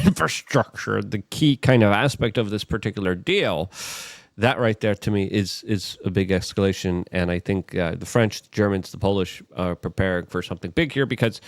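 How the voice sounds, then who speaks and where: A man hosting casual political commentary, animated and full of mocking asides, often jumping into high exaggerated voices to imitate others. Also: no room sound.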